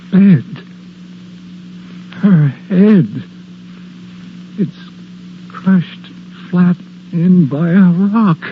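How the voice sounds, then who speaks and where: An actor playing a gruff, shaken middle-aged landlord in a 1940s radio drama, speaking in a halting, gruff way. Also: male voice, on the high side, a little hiss or hum. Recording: tinny old radio from off-mic.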